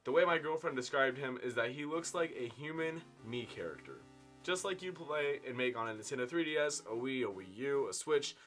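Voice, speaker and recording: A man in his twenties tells a casual story-time tale to his viewers, with big swings in loudness and pitch. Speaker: vlogger telling a story. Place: indoor room at home.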